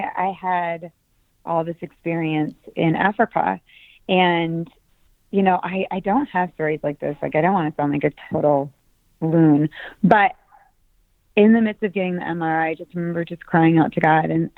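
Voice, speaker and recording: A woman guest telling a personal story on a podcast, lively and excited as she recounts it. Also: fairly low pitch, normal speed, no echo. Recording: dry tinny phone-like sound.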